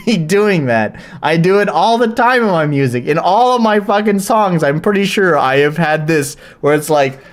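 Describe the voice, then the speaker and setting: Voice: mid-range voice, big pitch swings, moderate pace. A live streamer in casual chat, swearing often and rambling with restarts and fillers.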